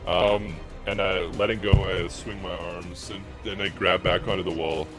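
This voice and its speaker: A man playing a tabletop game, describing his character's action in a halting way with fillers. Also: sits low, level tone, music in the background. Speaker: player.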